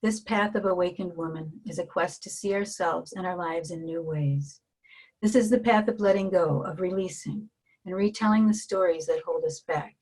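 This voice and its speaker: A woman guest artist reading a reflective piece softly, then speaking gently with some hesitation. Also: fairly low pitch, moderate pace, breathy edge, poor audio. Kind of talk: reading a reflective text and casual talk.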